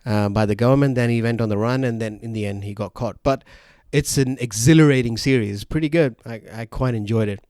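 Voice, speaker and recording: A man's voice: medium pitch, a little mellow, clean tone, no room sound, clean studio sound. Rambling New podcast host, man. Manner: rambling storyteller, quick laughs, many fillers. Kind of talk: casual podcast chat.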